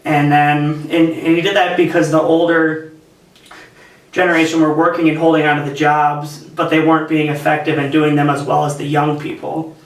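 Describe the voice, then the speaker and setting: A young man gives a student presentation in a fairly high, monotone voice, stumbling through fillers as he goes. He is heard from some distance in an echoey room with faint background noise. His delivery stays level and uneven throughout. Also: normal speed. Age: young adult. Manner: flat, hesitant delivery with many fillers. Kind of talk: class presentation.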